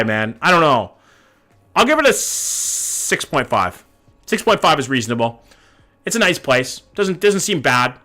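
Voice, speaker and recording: Pushed and bright, his mid-range voice carries a casual, foul-mouthed live stream. The man, in his 30s, reads viewers' chat aloud and reacts to the hometowns they mention.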